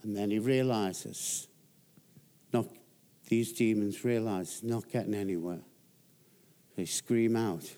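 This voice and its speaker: A man's voice: steady tone, takes it slowly, pauses often, dark tone. A man preaching a sermon as a guest pastor, telling Bible stories emphatically. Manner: storytelling, emphatic, rises in pitch for emphasis.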